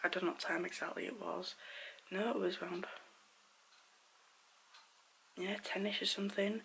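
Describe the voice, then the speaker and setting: A woman chatting casually in a vlog at home, croaky with her morning voice, rambling and often talking in a hushed half-whisper. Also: on the low side, steady tone, fairly quick, slight background noise, poor audio. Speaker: vlogger. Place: at home, indoors.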